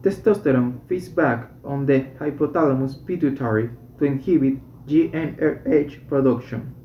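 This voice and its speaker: A man reading medical English textbook passages and exercises aloud, slowly and deliberately, stopping to correct himself. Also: medium pitch, a little hiss or hum. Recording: dull echoey room recording.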